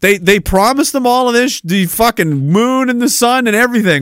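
A man's voice: high-pitched, animated, moderate pace, hardly any pauses, fairly bright tone, smooth, no room sound. A man hosting a podcast, ranting in a sarcastic, profane way. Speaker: podcast host. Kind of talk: political rant podcast.

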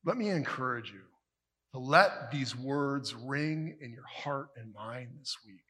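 A male pastor preaching a sermon emphatically, building to forceful peaks and dropping to hushed line endings. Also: medium pitch, lively intonation, takes it slowly, slightly rough. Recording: long reverb of a large hall.

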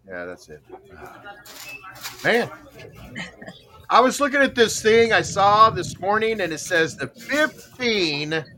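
A man's voice: fairly high pitch, background noise. An older man hosting a casual morning show, rambling through stories with chuckles and repeated phrases. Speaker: host.

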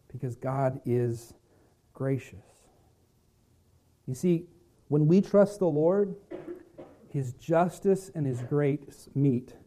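A male pastor preaching a sermon, swinging from loud emphasis to hushed, quiet lines. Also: a little high.

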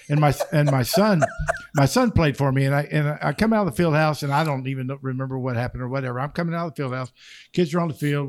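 An older man, a former football coach, telling stories in casual chat and quoting himself in a higher voice. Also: slight background noise. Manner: animated storyteller, quotes himself in a high voice. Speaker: retired football coach, podcast regular.

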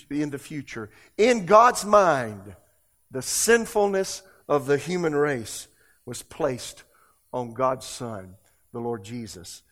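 A man preaching a sermon as pastor, emphatic, repeating words for stress and swinging between loud exclamations and hushed lines. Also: fairly high pitch.

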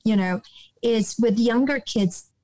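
This older American woman, a nonprofit director guesting on a podcast, has a slightly high voice. Her advice comes slowly, calmly and soothingly, with many restarts, repeated "you know"s and the odd soft whisper. The sound is dry and low in quality.

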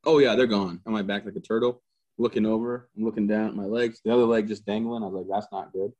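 Lively low-voiced man telling war stories. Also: quick pace. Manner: animated, jokey, acts out quotes and gun sounds. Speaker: interview guest, army veteran. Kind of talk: casual storytelling.

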